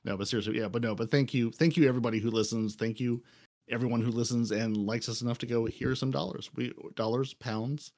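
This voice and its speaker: A man co-hosting a casual podcast, joking and thanking listeners with quick banter. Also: medium pitch, fairly even intonation, a little mellow. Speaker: podcast co-host.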